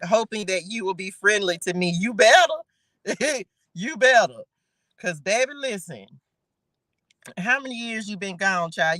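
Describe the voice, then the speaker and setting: Bright, chatty woman leading Bible study. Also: mid-range voice, dry recording. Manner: chatty and playful, laughing, talking straight to viewers. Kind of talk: casual livestream Bible study, reading scripture aloud.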